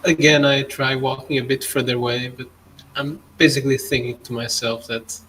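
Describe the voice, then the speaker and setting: A man's voice: medium pitch, level tone, normal speed, fairly bright tone, slight background noise, poor audio. Wry man playing a tabletop game. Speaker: player.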